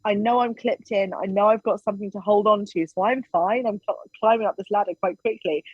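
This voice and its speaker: This podcast guest is a woman with a husky, mid-range voice who talks fairly quickly. She spins stories in casual chat, animated as she performs quoted speech, and the audio is echo-free, dry, and slightly dull.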